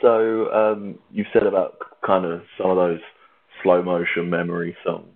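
A man's voice: low-pitched, little pitch movement, normal speed. A man from Britain hosting a casual music chat, an easygoing interviewer who chuckles often. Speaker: podcast host. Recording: tinny phone-like line.

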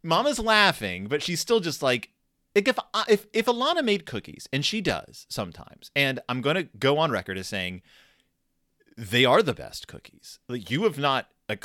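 Animated, wry man doing comedic commentary. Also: fairly low pitch, dry recording, studio quality. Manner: wry, jokey, animated storytelling. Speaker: host reviewing a scratch-and-sniff storybook.

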